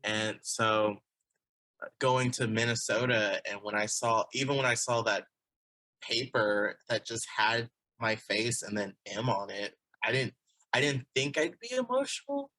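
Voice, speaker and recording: A young man from Texas speaks as a podcast guest in a chatty, rambling way, often laughing and restarting his sentences. His voice is bright and forward, at a middle pitch. The sound is close and dry. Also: lively intonation, a little slow, dry recording. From Texas, USA. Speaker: guest, illustrator and comic artist. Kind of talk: casual conversational interview.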